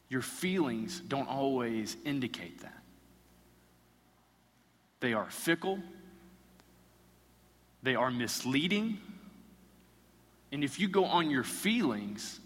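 Male pastor delivering a sermon, forceful tone, long hall reverb. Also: mid-range voice, lively intonation, takes it slowly, pauses often. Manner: preaching with rising intensity and repeated phrases.

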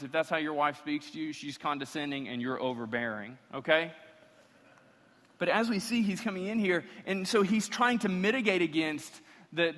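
A man preaching with a bright, sharp voice that sits a little high for a man. He delivers an animated sermon and fires off joking rhetorical questions. His voice carries a long reverb through a church sanctuary. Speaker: pastor. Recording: long reverb of a large hall.

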